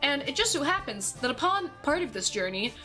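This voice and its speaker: Animated, foul-mouthed young woman storyteller. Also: high-pitched, fairly quick, soft background music. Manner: animated, swears constantly, acts out quotes. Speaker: streamer telling a story. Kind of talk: casual storytelling to stream chat.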